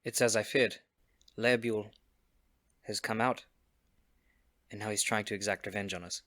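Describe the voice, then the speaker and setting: A man playing a bard at a tabletop game, slow and halting, laughing often. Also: lowish voice, steady tone, fairly bright tone, no room sound. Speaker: player. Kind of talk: in-character play at a tabletop game.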